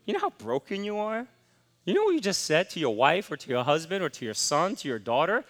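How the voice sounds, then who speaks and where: A man's voice: high-pitched, sing-song, a little fast, fairly bright tone, voice pushed up, full character voice. A man voicing Satan as a sneering male tempter who belittles the listener with accusing questions. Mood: taunting.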